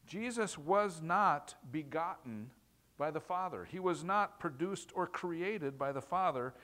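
A man giving a teaching sermon in a slightly higher voice. He talks in a plain, conversational way, asks his listeners questions and doubles back on phrases for emphasis. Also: expressive, unhurried, bright, forceful tone. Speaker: pastor.

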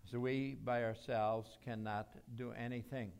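Slow, earnest male preacher. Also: mid-range voice, flat delivery, creaky, darkish tone, clear, resonant tone. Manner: slow, earnest storytelling with pauses. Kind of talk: sermon.

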